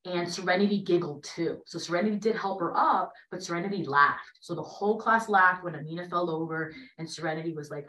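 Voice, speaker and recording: A woman in her late thirties shares a story on a panel in a relaxed, conversational way, often tagging her sentences with "right?". Her voice sits fairly low. She sounds set back from the microphone in an echoing room. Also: fast, hardly any pauses. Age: late 30s. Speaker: panelist in a dialogue gathering. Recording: roomy, from a distance to the mic.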